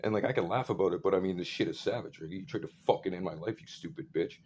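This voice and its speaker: Man, lowish voice, profane rambling rant, faint background hiss. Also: quick pace, a little mellow. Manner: profane, rambling, full of fillers.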